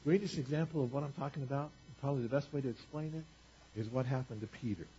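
A man preaching a sermon, retelling a scripture story in casual everyday paraphrase, swinging between loud emphasis and quiet asides. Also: mid-range voice, fast, dull audio, a little hiss or hum. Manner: conversational, retells scripture in casual paraphrase, varies loudness widely. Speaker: pastor.

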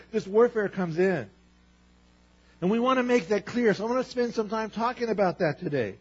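A man's voice: high voice, husky, muffled recording. A man preaching a sermon as pastor, emphatic, acting out Bible voices as he tells the stories.

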